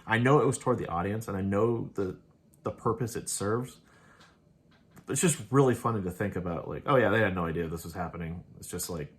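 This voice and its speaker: A man casually recapping and reviewing an episode, rambling and laughing as he paraphrases the characters. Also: low voice. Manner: rambling, laughs often, quotes characters offhandedly. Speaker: show host reviewing episodes.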